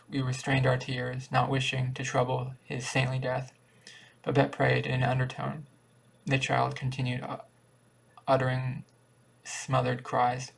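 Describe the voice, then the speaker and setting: Casting: male audiobook narrator, steady, husky and flat in tone. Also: medium pitch, unhurried. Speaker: audiobook reader.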